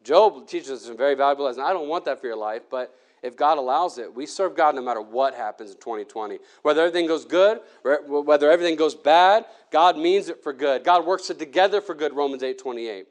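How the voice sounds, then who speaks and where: A male preacher delivering a Sunday sermon with a fairly high voice. He talks earnestly and conversationally, stumbling and restarting as he presses his point. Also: quick pace. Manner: earnest, with frequent restarts and fillers.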